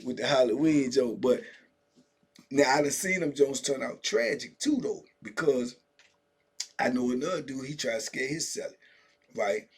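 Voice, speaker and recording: A man's voice: medium pitch, moderate pace, breathy edge. A man hosting his own channel, telling a story in loose slang with many asides. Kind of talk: casual storytelling vlog.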